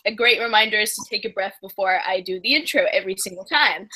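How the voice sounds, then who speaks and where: A woman's voice: mid-range voice, fairly quick, hardly any pauses, pushed and bright, breathy edge, poor audio. A woman hosting a casual book discussion livestream, giggly and rambling with many fillers and restarts. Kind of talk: casual chat.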